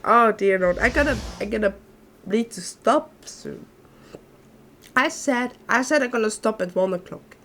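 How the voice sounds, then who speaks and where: A woman's voice: fairly high pitch, lively intonation, measured pace, fairly bright tone, slight background noise. A woman streaming a game, chatting casually and giggling often between asides. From not Australia. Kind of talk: casual gameplay chat, reading game lines aloud.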